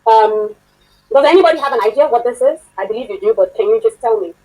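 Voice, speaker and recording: A woman's voice: on the high side, expressive, fast talker, mellow, low-quality recording. A woman instructor giving a chatty online workshop lecture, often laughing and asking the class questions.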